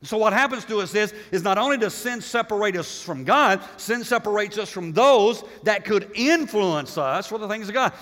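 Bright-voiced preacher man in a reverberant hall. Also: high-pitched. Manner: emphatic preaching, repeats words, swings from loud to hushed. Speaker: pastor. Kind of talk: sermon.

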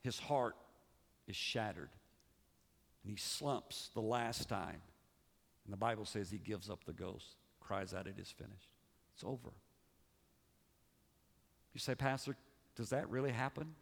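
A male pastor preaching a sermon, swinging between raised, emphatic passages and hushed, low ones. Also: unhurried, vocal fry, pauses often. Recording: long reverb of a large hall.

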